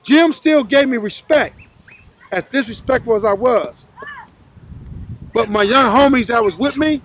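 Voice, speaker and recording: A man with a very high-pitched voice tells his life story in an interview. He talks bluntly and with plenty of profanity, and he acts out the other people in his story as he goes. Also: expressive, measured pace, long pauses, fairly bright tone.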